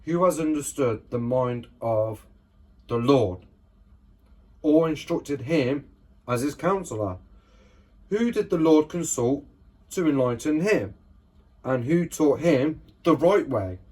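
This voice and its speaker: Husky-voiced man teaching the Bible. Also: medium pitch, animated, slow, long pauses, darkish tone. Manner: conversational, keeps checking in with listeners; reads scripture verses aloud.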